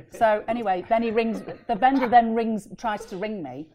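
A woman telling an animated, laughing story as a deal packager on a casual property panel. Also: fairly high pitch, moderate pace. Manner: animated, laughing, acts out voices in her story.

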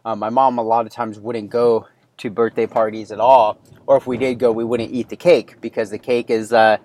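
A man's voice: mid-range voice, level tone, normal speed, a little mellow. A man in his thirties hosting a solo podcast, telling a personal story in a loose, candid way with many fillers and restarts. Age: 30s. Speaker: podcast host. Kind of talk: casual solo podcast monologue.

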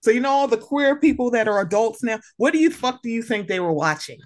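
A woman hosting a podcast in casual chat, animated and sassy, acting out exchanges with people. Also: on the high side, fast talker, a little hiss or hum. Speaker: podcast host.

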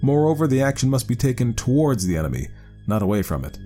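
A man narrating a ghost story in a measured, dramatic reading. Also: medium pitch, sing-song, mellow, breathy edge. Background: faint music.

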